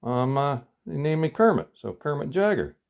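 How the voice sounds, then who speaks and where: A man's voice: a little high, sing-song, moderate pace, gravelly, voice pushed up. A man voicing an eager male frog who asks a bank for a loan, fumbling with fillers. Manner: earnest, repeats himself, fumbling fillers.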